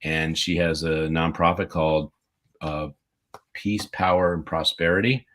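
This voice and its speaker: Deep-voiced upbeat man co-hosting. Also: steady tone, unhurried, fairly bright tone. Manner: enthusiastic, rambling, upbeat. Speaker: podcast co-host. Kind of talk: casual livestream chat, reading birthday shout-outs. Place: remote livestream video call. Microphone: video call.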